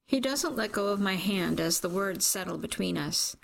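Brief: woman narrator for a first-person audiobook, intimate and emotional, with a gravelly fry. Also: mid-range voice, expressive, normal speed.

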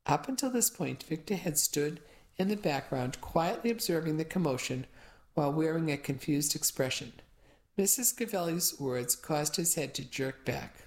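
A woman narrating a first-person audiobook in a steady storytelling manner. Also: low-pitched, moderate pace.

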